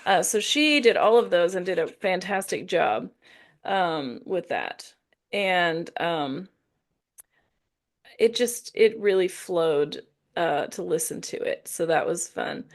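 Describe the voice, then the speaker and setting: A woman's voice: fairly low pitch, expressive, slow. A woman from Indiana co-hosting a book podcast, chatting casually in a rambling, self-correcting way. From Indiana, USA. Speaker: podcast co-host. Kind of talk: casual book-review chat.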